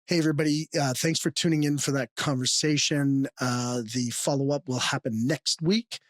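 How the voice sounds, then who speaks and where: A man's voice: mid-range voice, fairly even intonation, normal speed, no echo, clean studio sound. A man hosting a podcast, talking in an easygoing way with many fillers. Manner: easygoing, filler-laden delivery. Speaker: podcast host. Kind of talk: podcast chat and outro.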